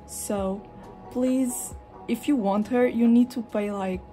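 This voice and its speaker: A young woman from Europe talks slowly and casually, her voice mellow and warm. She rambles as she shows her things, now and then jumping into lively retellings. Soft music plays faintly behind her. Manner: rambling, expressive, jumps into animated high-pitched retellings. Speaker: vlogger. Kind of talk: casual chat while showing a collection. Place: hot room at home with a fan running.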